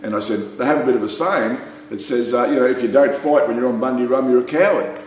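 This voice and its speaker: An Australian man spins a loose, casual anecdote, laughing and filling gaps with "you know" and "mate." He talks fast in a mid-range voice. The space is very echoey, with a faint hum behind him.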